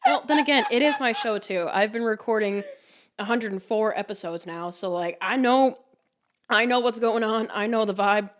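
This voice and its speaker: A young woman hosting a casual podcast, telling stories from her restaurant job and acting out customers' lines in a high voice. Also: normal speed. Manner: chatty storyteller, acts out customers' lines in a high voice. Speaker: podcast host. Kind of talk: casual chat.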